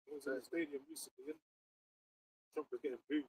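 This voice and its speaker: A man with a London accent, joining a casual group talk in a relaxed, agreeing way. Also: on the high side, quick pace, slightly rough, no room sound, poor audio. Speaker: group member.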